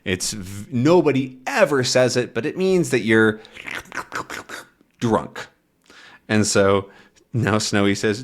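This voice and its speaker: Taking it slowly and pausing often, a man with a lowish voice hosts an English-teaching channel. He explains a comic patiently in a slow lesson, rewording vocabulary simply.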